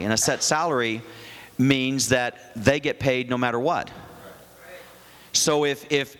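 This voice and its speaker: A middle-aged male pastor preaching a sermon, excitable, with rambling asides and bursts of shouting. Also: medium pitch, long reverb tail. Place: church hall.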